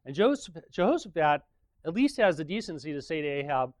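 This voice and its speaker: A man preaching in a relaxed, conversational way, retelling an old story with jokes and little chuckles. His voice sits a bit high for a man. The recording is dry, with no room sound. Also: normal speed, dry recording. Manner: chatty, joking retelling with frequent chuckles. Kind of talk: casual sermon storytelling.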